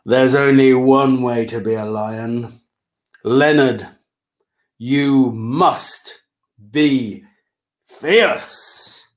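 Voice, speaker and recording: A man's voice: mid-range voice, extremely slow, long pauses. A man reading a children's picture book aloud, voicing a group of fierce male lions who scold their friend.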